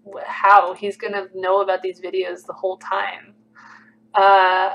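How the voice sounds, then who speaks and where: A woman's voice: medium pitch, normal speed, slight background noise, low-quality recording. Sarcastic young woman reading comments. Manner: sarcastic, reads comments aloud with laughs. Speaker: livestream host reading comments. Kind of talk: casual livestream chat.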